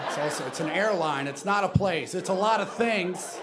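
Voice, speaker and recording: A man doing a stand-up routine with exasperated ranting that rises to shouts. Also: sits high, normal speed. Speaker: stand-up comedian. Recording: live club audience and noise.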